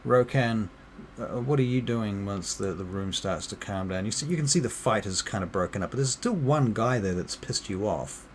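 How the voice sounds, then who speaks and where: A man narrating a tabletop game as game master, relaxed and full of fillers. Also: on the low side, moderate pace, slight background noise.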